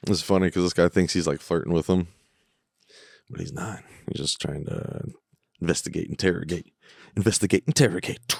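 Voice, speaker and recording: A man with a low voice talks loosely over an episode he is watching, joking and slipping into mock voices of the characters. His mic is close and the sound is dry, with no room in it. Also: fairly even intonation, a little fast, vocal fry, long pauses, no echo. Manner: rambling and jokey, humming along and mimicking characters. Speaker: podcast host reacting to a TV episode. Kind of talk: casual watch-along commentary. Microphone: headphones on, close mic.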